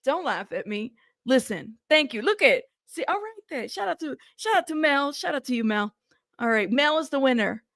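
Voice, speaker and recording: Chatty woman livestreamer with a gravelly voice. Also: high voice, big pitch swings, normal speed, fairly bright tone, no echo, clean studio sound. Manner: chatty, laughs at herself, talks to the chat. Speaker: news livestream host. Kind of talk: casual livestream chat with viewers.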